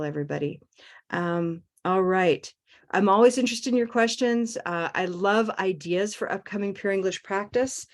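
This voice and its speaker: A woman teaching an online English pronunciation class, encouraging and checking in with "okay?" as she goes. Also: fairly low pitch. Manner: warm, checks in with frequent "okay?".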